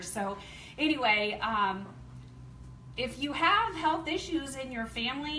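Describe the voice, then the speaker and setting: A woman's voice: fairly high pitch, reverberant, distant mic, a little hiss or hum, low-quality recording. A woman in her fifties from the American South, telling a chatty, laughing testimonial to a meeting audience. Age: 50s. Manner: chatty, laughing, animated storytelling. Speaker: company distributor speaking at a meeting.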